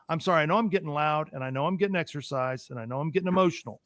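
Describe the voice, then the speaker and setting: A man's voice: on the high side, rapid-fire, hardly any pauses, fairly bright tone, dry recording, studio quality. A man hosting a talk show, ranting emphatically about politics and repeating his points as he gets worked up.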